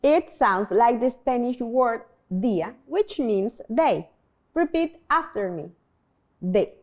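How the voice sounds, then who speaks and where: A woman teaching a beginner language lesson, slowly modeling sounds and asking learners to repeat after her. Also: on the high side, expressive, darkish tone. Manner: slow, clear modeling of pronunciation, prompting repetition.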